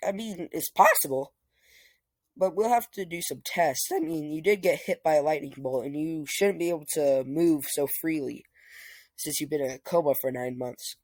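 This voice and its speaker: A casual storyteller voicing a calm older male scientist who explains in a measured way. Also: medium pitch, no room sound. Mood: explaining.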